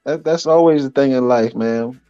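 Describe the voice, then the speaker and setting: A man's voice: medium pitch, moderate pace, dark tone, clean tone, dull audio, soft background music. A man in a casual chat, talking in a laid-back, agreeable way.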